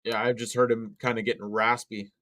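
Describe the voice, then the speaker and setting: A man's voice: medium pitch, level tone, a little fast, pushed and bright. A young man co-hosting a wrestling watch-along stream, rambling through live commentary with many fillers and restarts.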